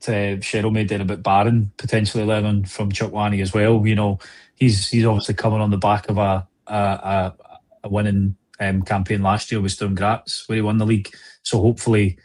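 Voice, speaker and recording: Guy hosting a footy podcast, low flat voice, calm and measured. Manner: measured, steers talk to co-hosts by name. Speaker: podcast host. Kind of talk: casual football podcast chat.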